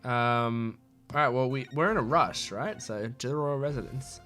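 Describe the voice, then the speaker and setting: Chatty young man with a bright voice. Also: mid-range voice, normal speed. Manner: chatty, rambling, many "like"s. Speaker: let's play host. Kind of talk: casual game commentary and reading dialogue aloud. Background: faint game music.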